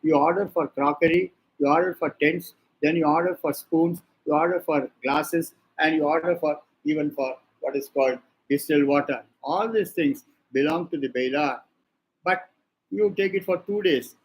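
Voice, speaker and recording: An older man with an Indian English accent giving a law lecture. He dictates points slowly, repeats them and answers his own questions. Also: on the high side, breathy edge, rough recording. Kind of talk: classroom lecture.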